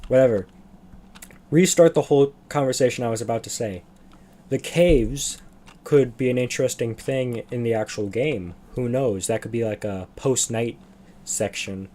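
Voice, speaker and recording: A man's voice: mid-range voice, normal speed, mellow. A young man chatting on a livestream, rambling and losing his train of thought. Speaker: streamer. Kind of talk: casual livestream chat.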